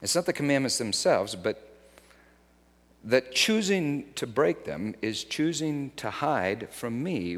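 A man's voice: mid-range voice, big pitch swings, slow pace, long reverb tail. A man preaching a conversational sermon in an earnest, personal storytelling manner.

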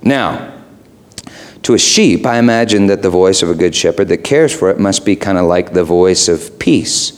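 Man, middle-aged, pastor preaching, playful, animated, wide swinging pitch. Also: moderate pace. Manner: animated, playful, swings from low asides to high excited emphasis. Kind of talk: sermon.

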